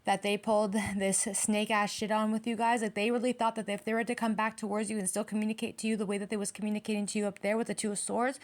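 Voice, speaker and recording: A woman giving a casual tarot reading, talking bluntly with lots of swearing and emphatic rhetorical questions. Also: mid-range voice. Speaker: tarot reader.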